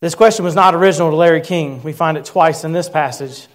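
Earnest and a touch high-pitched, this thirty-something pastor shares a personal story from the pulpit during a sermon, deliberately slowing to lean on important words.

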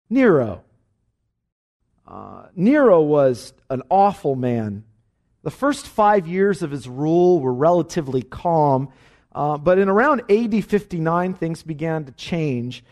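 A pastor with a slightly high voice teaches an evening Bible study, emphatic and animated, with frequent "uh" fillers.

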